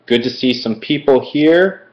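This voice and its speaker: A man's voice: medium pitch, measured pace, a little hiss or hum. Chatty man reviewing frozen treats. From Philadelphia. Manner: chatty, rambling, digresses with fillers. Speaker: food reviewer. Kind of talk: casual live-stream food review. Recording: echoey room, dull lo-fi stream audio.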